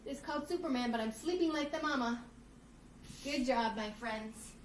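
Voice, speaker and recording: A high-voiced woman teaching yoga to children, reading from a storybook and cheerfully coaching poses. She sounds a little distant from the mic, and her voice rings around an echoey room with faint ambience behind her. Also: moderate pace, slight background noise. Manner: animated, playful, addresses children as friends.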